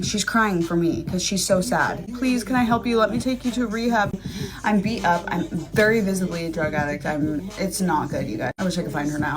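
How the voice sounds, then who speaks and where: Woman, casual storytime, animated, acts out voices, music behind. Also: mid-range voice.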